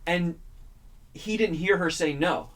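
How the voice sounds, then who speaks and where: A man's voice: high voice, slow pace, noisy background. Chatty man telling a story on radio. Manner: chatty, swears casually, acts out quoted voices. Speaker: radio show regular. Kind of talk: casual storytelling. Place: radio studio.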